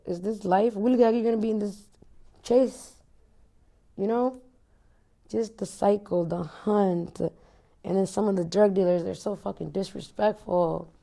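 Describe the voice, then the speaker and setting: Her pitch is fairly low, her voice creaky and mellow. She's an American in her thirties, an interview guest in a candid, conversational exchange, and she speaks bluntly and with passion while swearing freely.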